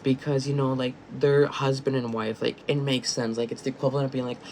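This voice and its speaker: A young man tells a story to the camera in a loose, rambling way, stumbling and restarting his sentences. His voice has a gravelly, creaky edge at a middle pitch. A faint hiss of noise sits under the recording. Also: level tone, brisk, darkish tone, rough recording. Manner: rambling, many fillers and restarts. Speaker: vlogger. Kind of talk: casual storytime.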